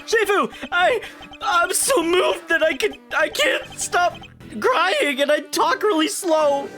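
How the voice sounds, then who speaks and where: Guy putting on a squeaky gushing underling dude from a game, way high and swoopy. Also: lively intonation, a little fast, bright, forceful tone, faint music behind, exaggerated voice. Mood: gushing, awestruck. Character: excitable young male underling, overly emotional.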